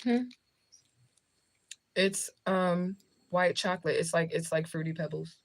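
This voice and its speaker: With a little hiss or hum in the background, this livestream host from the American South rambles casually to viewers between bites of food. Her fairly low, gravelly voice stays steady and unhurried.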